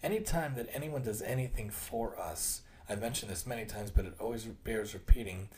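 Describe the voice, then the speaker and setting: Podcast guy talking earnestly, low mellow voice, repeats himself a bit, acts out little quotes. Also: brisk. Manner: earnest, repeats and restarts phrases; acts out quoted remarks in other tones. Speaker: podcast host; occupational therapist. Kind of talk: casual monologue.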